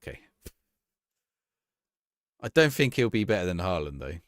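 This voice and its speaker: A man's voice: sits low, sing-song, moderate pace, no room sound, clean studio sound. A young man casually chatting through a live game stream, answering chat in a rambling, easygoing way and laughing often. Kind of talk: casual gameplay commentary, reading chat.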